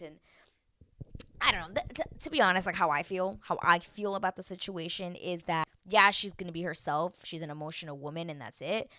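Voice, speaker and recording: A woman's voice: on the low side, brisk. A woman chatting casually as a recap vlogger, animatedly acting out quotes from the show. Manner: chatty, animated, acts out quotes in put-on voices. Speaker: reality TV recap host.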